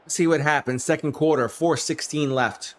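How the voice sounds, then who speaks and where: A slightly high-voiced man calls a simulated game on a live stream at a moderate pace, his intonation fairly even. Big plays bring him to his feet, and he trades loose banter with viewers.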